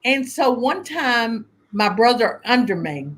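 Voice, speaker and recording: A woman telling family stories in a casual conversation, animated and laughing often as she acts out voices. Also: fairly high pitch, takes it slowly. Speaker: guest conjure teacher.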